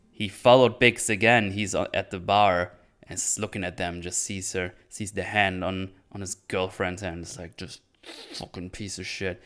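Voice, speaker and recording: A man hosting his own show, casually retelling scenes with filler words and quick quoted lines. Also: deep voice, fairly bright tone, clean tone. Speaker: podcast host recapping a series. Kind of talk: casual chat.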